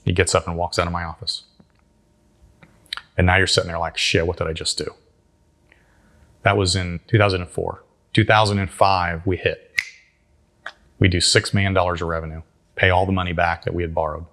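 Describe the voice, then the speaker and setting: Male interview guest, deep-voiced, tells stories with energy and folksy grammar. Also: fairly quick, long pauses. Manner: animated storyteller acting out quotes. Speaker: guest entrepreneur. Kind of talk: storytelling interview.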